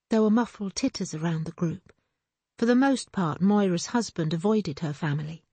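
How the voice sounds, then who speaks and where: A woman narrating an audiobook in a steady, measured way. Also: on the low side, slightly rough, no echo. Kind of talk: scripted narration.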